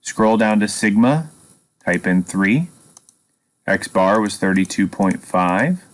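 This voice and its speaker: A man's voice: lowish voice, expressive, takes it slowly. A man teaching a statistics lesson, explaining patiently and step by step with a dry sense of humor. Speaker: math teacher. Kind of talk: screen-recorded statistics lesson.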